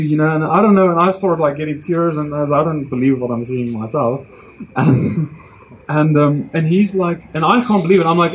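A man shares a personal story with his viewers in a casual, earnest way. He sounds excited and keeps restarting his sentences. His voice sits a little high, and faint noise hums in the background. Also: normal speed, poor audio. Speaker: vlogger sharing a testimony.

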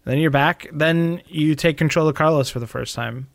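A man's voice: on the high side, normal speed, vocal fry, no echo, studio quality. A man in casual podcast chat, laid-back and agreeable, often saying yeah. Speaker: co-host.

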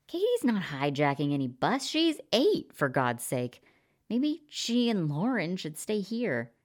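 A man's voice: sits high, huge pitch swings, a little slow, pitched above the performer's own voice, exaggerated voice. A woman voicing an anxious prepper father who pleads to keep his little daughter safe, in a storybook reading. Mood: worried. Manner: worried, pleading.

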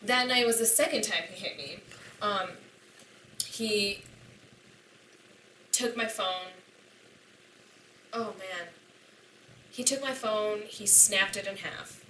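A woman's voice: medium pitch, takes it slowly, pauses often, pushed and bright, slight background noise. A young woman candidly recounting a painful personal story as a podcast guest, her speech full of "like". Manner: candid and emotional, filled with "like". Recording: roomy and distant from the mic.

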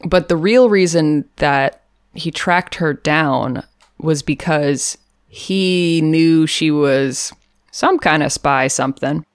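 Low-voiced woman chatting on a podcast. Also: slow pace, no echo, clean studio sound. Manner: chatty, jokey, laughs often, many fillers. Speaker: podcast co-host. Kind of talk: casual chat recapping a TV episode.

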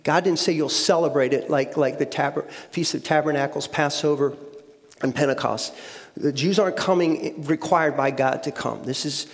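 A man with a fairly high voice speaks at a moderate pace, delivering a conversational sermon as a guest speaker. He often repeats words and checks in with the audience. Long hall reverb marks the recording.

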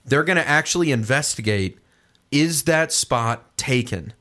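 A man co-hosting a casual conversation, telling stories in an animated way. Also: medium pitch, measured pace. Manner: animated storyteller, acts out quoted voices.

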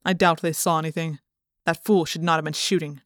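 Female reader as cruel adult man; lowered, cold, dismissive, dry studio read. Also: fairly even intonation, brisk, no echo, close to an everyday voice. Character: cruel scheming adult man, school official.

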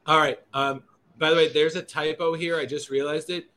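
A man's voice: on the high side, level tone, a little fast, heavy background noise. A man hosting a podcast in casual chat who rambles, swears and corrects himself as he goes. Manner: rambling, profane, self-correcting. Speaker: podcast host.

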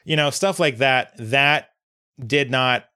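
A male podcast co-host in relaxed conversation, circling his thoughts out loud with many fillers. His voice has a bright, forceful edge at an ordinary pitch. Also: slow, clear, resonant tone. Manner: reflective, rambling with many filler words. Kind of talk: casual chat.

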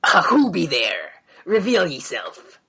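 A man putting on a gruff pirate captain. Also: on the high side, wildly swooping pitch, pushed and bright, voice pushed up, exaggerated voice. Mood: challenging. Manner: old-time pirate speech, slow and drawn out. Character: gruff male pirate captain, boastful, fearless. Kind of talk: tabletop game role-play.

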